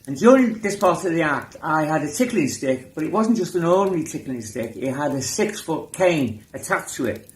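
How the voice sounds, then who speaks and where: A man tells a tour anecdote in an animated way, leaping into high-pitched impressions. His voice rises and falls a great deal. The room around him carries a clear echo. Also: moderate pace. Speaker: band member telling a tour story. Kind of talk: anecdote telling. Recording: roomy echo.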